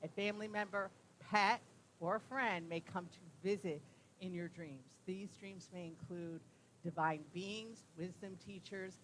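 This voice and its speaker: A woman's voice: mid-range voice, slight background noise, poor audio. Woman giving a conversational talk to a room. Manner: conversational, personal stories with tag questions. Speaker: workshop speaker on dreams. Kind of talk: live talk to a room audience. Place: room with an audience.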